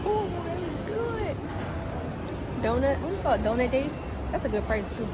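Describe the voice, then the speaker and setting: A woman talking casually to her phone camera in a vlog, excitable and chatty, full of fillers. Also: high-pitched, normal speed. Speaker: vlogger. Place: outdoors, then a station café and shops. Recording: outdoor noise behind the voice.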